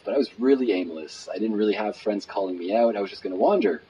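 A man telling a personal story as a guest, lively and casual with many fillers. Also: lowish voice, fast. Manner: animated, acts out quotes, many fillers. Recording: dull recording with faint noise.

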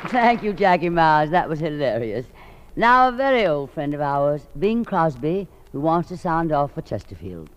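A man acting as the radio announcer, introducing acts with a lively emcee delivery. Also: a little high, normal speed, a faint crowd, a little hiss or hum. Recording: dull lo-fi 1950s broadcast.

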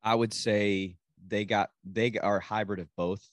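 A man's voice: on the low side, measured pace, no room sound, clean studio sound. A man in casual conversation, animatedly telling stories about his kids and acting out what people said. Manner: animated storyteller, acts out quotes. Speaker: podcast guest, father. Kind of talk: casual storytelling chat.

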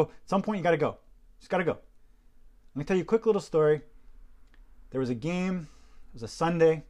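A man hosting a podcast, telling stories in a rambling, animated way, repeating himself and clearing his throat often through a hoarse voice. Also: a little high. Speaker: podcast host. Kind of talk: casual storytelling monologue.

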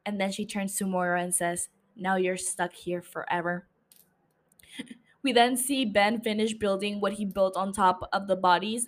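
A young woman hosting a casual recap podcast, animated and swearing freely, laughing often as she talks. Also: mid-range voice. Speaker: podcast host.

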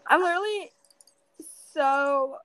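A teenage girl chatting casually, venting in an animated way with lots of fillers. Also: sits high, slow, no room sound, poor audio. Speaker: student. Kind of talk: casual chat.

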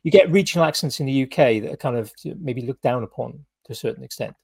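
A man from the UK chatting on a podcast, his voice a little husky and recorded dry and close. He tells loose, rambling stories full of "kind of" and restarts. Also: mid-range voice, quick pace, darkish tone, dry recording. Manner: rambling anecdotes with many fillers and restarts. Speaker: podcast co-host. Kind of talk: casual chat.

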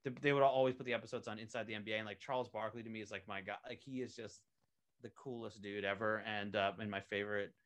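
A man's voice: fairly low pitch, fairly even intonation, fast talker. A male voice actor talks through an interview in a loose, rambling way, leaning on fillers and restarting his sentences. He sounds eager and keeps talking at length about his work. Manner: eager, enthusiastic. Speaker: voice actor on an animated web series, interview guest. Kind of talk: casual interview talk.

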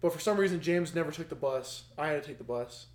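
A man's voice: on the high side, fast, roomy sound. A young man, a podcast guest, casually telling his side of a story and correcting details with a chuckle. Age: young adult.

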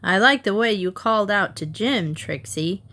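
A woman's voice: mid-range voice, expressive, moderate pace, pushed and bright. A woman reading aloud, voicing a playful, teasing teenage older brother in her own voice.

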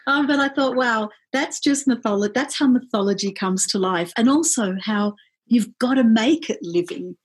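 A woman musician telling a travel story in casual chat, animated, acting out the people she quotes. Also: normal speed, breathy edge. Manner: animated, acts out quoted voices with big pitch jumps. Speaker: musician and podcast guest.

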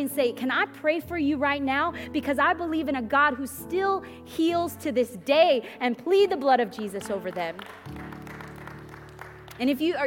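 High-voiced woman preaching with fervor. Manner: fervent, exhorting, repeats phrases for emphasis. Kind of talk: sermon. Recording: long reverb with faint music behind. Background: faint instrumental music.

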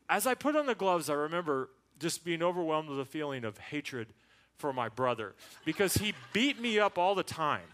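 A man preaching a sermon, telling a personal story and acting out the people in it in a lower voice. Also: very animated, normal speed, fairly bright tone. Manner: storytelling, acts out quotes in a lower voice. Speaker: pastor. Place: church.

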